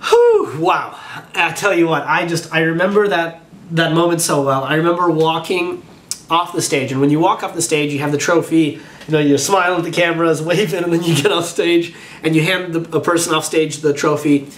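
Guy reacting to his own tv clip, acts out his thoughts, kinda high voice, echoey room. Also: fairly even intonation, fairly quick, a bit bright. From Orlando-based. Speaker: magician commenting on his own TV performance. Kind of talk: casual reaction commentary.

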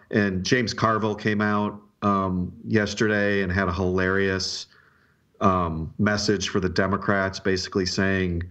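A man's voice: low-pitched, level tone, a little slow, fairly bright tone, lo-fi sound. A man co-hosting a podcast, chatting casually about politics and rambling with frequent restarts. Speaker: podcast co-host.

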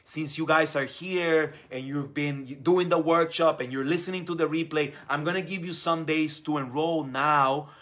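Male live-stream host, young adult, slightly high voice, gushing and upbeat with lots of repeated words. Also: steady tone, normal speed, few pauses, fairly bright tone. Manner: enthusiastic, effusive, repeats words. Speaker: live stream host reading viewer comments. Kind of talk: casual live stream talk.

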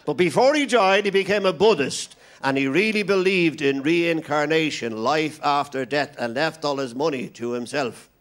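Irish stand-up comic, fairly high voice, brisk patter, faint hiss behind. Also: male voice. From Ireland. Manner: quick-fire joke patter with deadpan punchlines. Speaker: stand-up comedian. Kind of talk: stand-up comedy routine.

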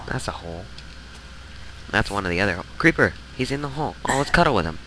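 A man's voice: lowish voice, big pitch swings, fast talker. A man casually chatting while recording a let's play, goofy and playful. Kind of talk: casual gaming chat. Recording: hissy home game capture.

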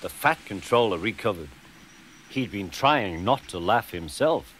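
A man's voice: lowish voice, expressive, measured pace, fairly bright tone, a little hiss or hum. A man reading a children's storybook aloud, narrating expressively.

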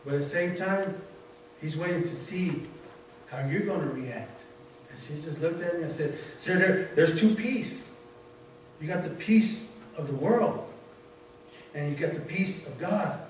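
Echoey, distant man preaching in church. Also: fairly high pitch. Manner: repetitive, halting restarts, conversational. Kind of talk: informal sermon with personal story. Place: church sanctuary. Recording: very echoey room, voice off-mic, faint noise.

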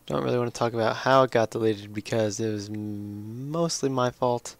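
A tired young man slowly rambling through casual commentary on his own game. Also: medium pitch. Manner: slow, drowsy, rambling. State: tired, yawning. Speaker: let's play gamer.

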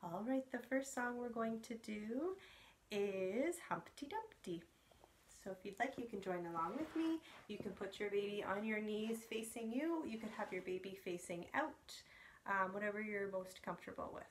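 A young woman leading parents through nursery rhymes and songs for babies, gentle and encouraging. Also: medium pitch, expressive, moderate pace, a little hiss or hum. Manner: gentle, encouraging, sing-song. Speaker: early years program facilitator.

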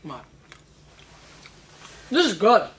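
An excitable man hosts a casual wine tasting. He talks in loose, slangy riffs and playfully jumps from one flavor to the next. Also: sits high, slow pace, a little hiss or hum. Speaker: wine show host.

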